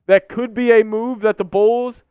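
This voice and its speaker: A young man with a high, smooth voice rants on a live stream, repeating his complaints in frustration. The sound is dry and a little dull, like lo-fi stream audio with faint music behind him. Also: steady tone, a little slow, dry recording. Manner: frustrated, repetitive ranting.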